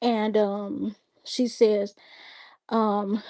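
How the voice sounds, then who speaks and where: Slow-talking blunt woman streamer. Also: fairly high pitch. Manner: blunt, exasperated storytelling with cursing. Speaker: livestream host. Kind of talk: casual chat.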